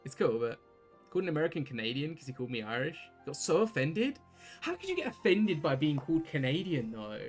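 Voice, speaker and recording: A man's voice: on the high side, very animated, a little fast, faint music behind. Rambling young British man streaming a game. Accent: British English. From Britain. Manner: rambling, talks to chat, many restarts. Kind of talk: casual chat while gaming.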